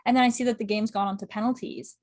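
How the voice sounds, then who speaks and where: A young woman from Canada, a podcast guest chatting casually in an interview, quick and talkative, laughing often and saying "like" constantly. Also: on the high side, steady tone, a little mellow. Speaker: podcast guest, club correspondent.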